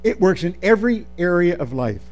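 A man preaching a sermon, calling for amens and swinging between soft asides and loud, drawn-out lines. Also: high voice, highs cut off, faint music behind. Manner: animated, calls for amens, swings from soft to shouting.

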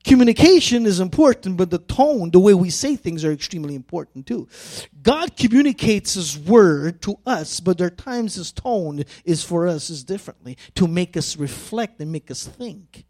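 A man's voice: sits high, lively intonation, warm tone. A man preaching a sermon as pastor, earnest and emphatic, stretching out key phrases. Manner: earnest, drawn-out emphatic phrases building to fervent pleading.

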